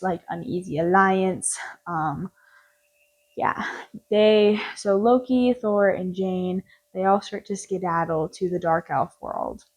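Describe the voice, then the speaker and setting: A woman's voice: medium pitch, a little mellow, poor audio. Young female film reviewer, casual and rambling, with a jokey, off-the-cuff delivery.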